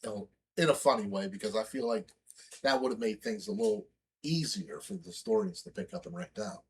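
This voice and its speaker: A man's voice: mid-range voice, expressive, a little fast, gravelly, slight background noise. A man co-hosting a casual podcast, joking and teasing in playful banter. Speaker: co-host.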